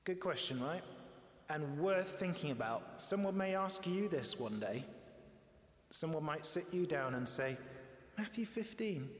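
A man preaching a sermon in a lively, conversational way, briefly acting out the voices he quotes. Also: on the high side, unhurried. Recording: echoey hall with long reverb.

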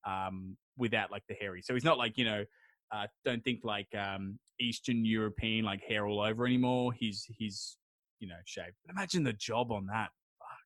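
A podcast host, a man, retelling an old epic in a rambling, crude, jokey way, slipping into quick voices for the characters. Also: fairly low pitch, a bit bright, no echo. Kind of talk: casual storytelling chat.

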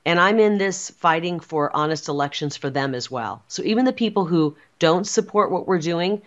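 Low-voiced, defiant woman in interview. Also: animated, moderate pace, highs cut off. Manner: defiant, insistent, repetitive phrasing. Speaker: political guest. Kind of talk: emphatic interview talk.

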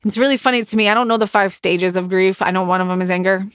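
A woman's voice: medium pitch, fast, smooth, no room sound, clean studio sound. A woman in her thirties hosting a podcast, telling a candid personal story with frank language and heavy swearing. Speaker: podcast host.

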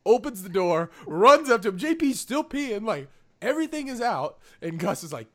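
A man's voice: sits high, sing-song, a little slow, a bit bright. A young man telling a funny story to friends in casual chat, acting out the quotes in raised voices and laughing as he goes.

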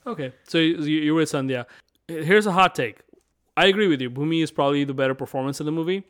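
Guy in a film review podcast, slightly high voice, keeps asking questions. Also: quick pace, a bit bright, clear, resonant tone. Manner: inquisitive, poses questions and reads review quotes. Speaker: podcast co-host. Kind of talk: casual film review chat.

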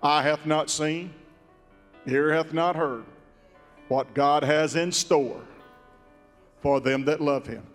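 A man preaching a sermon as pastor in a church sanctuary, with a slow cadence that now and then breaks into song. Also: a little high, fairly even intonation, big-room sound, faint music behind.

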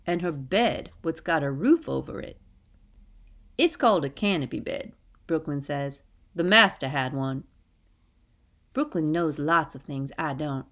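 A woman narrating a first-person story in an audiobook, reading steadily with folksy dialect phrasing. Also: fairly low pitch.

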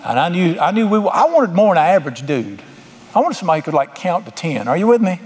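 A man's voice: high voice, sing-song, fast, darkish tone, husky. A middle-aged man preaching a sermon as pastor, folksy, with emphatic bursts. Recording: long hall reverb.

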